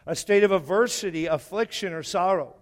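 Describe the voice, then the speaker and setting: Pastor guy preaching, kinda high voice, repeats himself a lot, big echoey church. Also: a little fast. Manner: repeats key phrases, asks the congregation questions. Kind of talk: sermon. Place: church hall. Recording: echoey hall.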